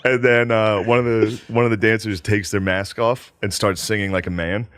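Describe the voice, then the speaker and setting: A man's voice: fairly low pitch, level tone, normal speed, fairly bright tone, clean tone, no echo. A man in a casual podcast chat, animatedly telling a story and acting out quotes, laughing often.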